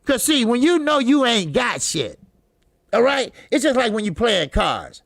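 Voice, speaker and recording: A loud boxing talk host whose high, gravelly voice swings wildly up and down. He curses freely, laughs a lot and shouts out names from the live chat, all in a dry, close-miked sound. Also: very animated, a little slow, no echo. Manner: loud, profane, laughing often, shouting greetings to chatters.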